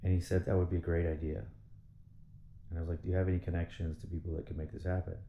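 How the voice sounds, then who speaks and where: A man's voice: sits low, little pitch movement, quick pace, roomy sound, dull audio, a little hiss or hum. A man talking in a casual monologue, rambling and swearing as he rants in frustration. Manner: rambling, profane, frustrated ranting. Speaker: vlogger.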